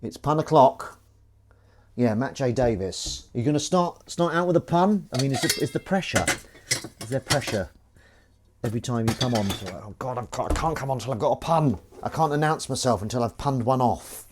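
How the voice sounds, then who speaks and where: A jokey man hosts a casual livestream, chatting with viewers as he works. His voice sits at a middle pitch. Faint clinks of dishes and cutlery sound in the background. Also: expressive, normal speed, a little hiss or hum. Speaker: livestream host. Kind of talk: casual chat while washing up.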